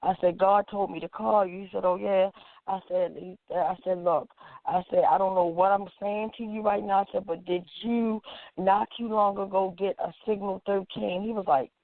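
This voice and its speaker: A woman's voice: mid-range voice, steady tone, normal speed, dry recording. Woman telling a story over a tinny line. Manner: acts out quoted dialogue as she talks. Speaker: activist guest. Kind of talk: emotional personal storytelling. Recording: tinny phone-like line, dry.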